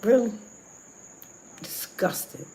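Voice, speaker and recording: A woman's voice: takes it slowly, dark tone, a little hiss or hum. A woman ranting on a livestream, furious and profane, venting at people she says scammed her. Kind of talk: angry livestream rant.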